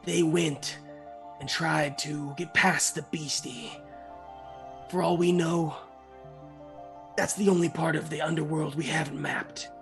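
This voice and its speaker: Flick, a grumpy one-eyed male toy as a woman puts him on in a tabletop game, talks low and gruff with a gravelly rasp. He is blunt and wary. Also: fairly even intonation, unhurried, long pauses, faint music behind. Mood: grim.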